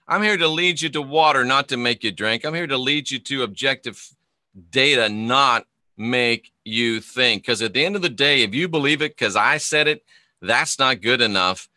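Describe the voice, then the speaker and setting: In a dry, studio-quality recording, a middle-aged man speaks with a bright, forceful, mid-range voice. A spiritual teacher who was once a minister, he preaches in an emphatic video monologue that leans on repetition and rhetorical questions.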